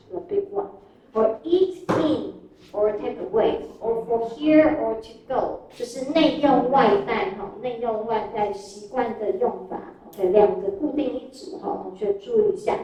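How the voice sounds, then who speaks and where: A woman's voice: mid-range voice, dark tone. A woman with a Taiwanese Mandarin accent teaching English in a classroom lecture, explaining phrases and adding Mandarin glosses. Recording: very echoey classroom, from far off.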